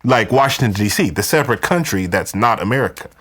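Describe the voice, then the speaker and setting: A man hosting a live podcast, ranting in an animated, conspiratorial way. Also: on the low side, quick pace. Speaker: podcast host. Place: indoors, wearing headphones.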